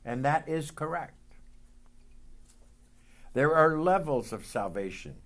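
A male pastor delivering a sermon, leading his congregation line by line before drawing out each verse of scripture. His pace is unhurried and measured, while his pitch swings widely as he stresses key words. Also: expressive. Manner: call-and-response preaching, slow deliberate scripture reading.

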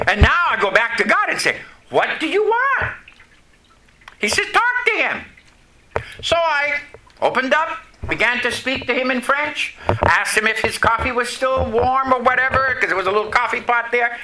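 A man preaching a testimony to a congregation, telling a story and asking the audience questions. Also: extremely high pitch. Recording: echoey room, faint noise.

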